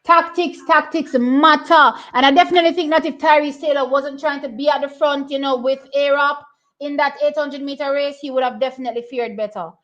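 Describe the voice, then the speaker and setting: A young woman talks through a track race as it happens. She sits high in her register, repeats herself and thinks aloud in a chatty, excitable way. The audio is slightly dull and lo-fi. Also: quick pace. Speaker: track and field watch-along host. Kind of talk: casual live race commentary.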